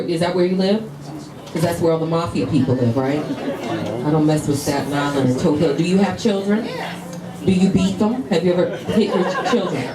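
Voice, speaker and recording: A woman from Northern Virginia doing stand-up comedy, teasing audience members in a brash, laughing way. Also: on the low side. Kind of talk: stand-up crowd work. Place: comedy show in a tent with a live audience. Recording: roomy live sound from a distant mic, crowd noise.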